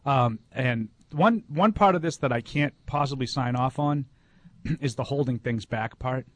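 A man's voice: medium pitch, measured pace, no room sound. A man co-hosting a casual sports talk show, arguing points analytically with restarts. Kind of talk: casual sports radio chat.

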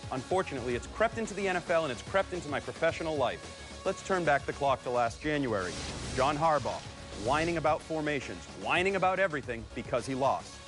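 Cocky, lively-voiced male sports host. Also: fast talker, music in the background. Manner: cocky, needling, swings pitch for emphasis. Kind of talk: opinionated sports commentary.

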